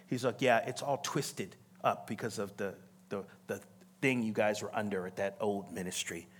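A man preaching a sermon, telling a story with lively acted-out voices and calling out to the congregation. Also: on the low side, slight background noise. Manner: animated storytelling, acts out voices, laughs, calls to congregation. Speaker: pastor.

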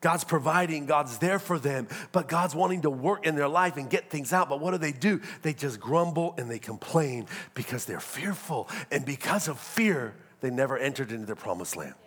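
A pastor, preaching a sermon with humor and acted-out asides. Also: male voice, a little high, expressive, normal speed, hardly any pauses, fairly bright tone, breathy edge.

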